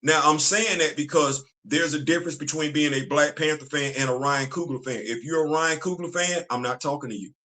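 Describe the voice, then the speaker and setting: Emphatic man with a bright voice. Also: on the high side, fairly quick, few pauses. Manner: emphatic, repeats phrases for effect. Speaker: commentary channel host. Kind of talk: casual opinion commentary.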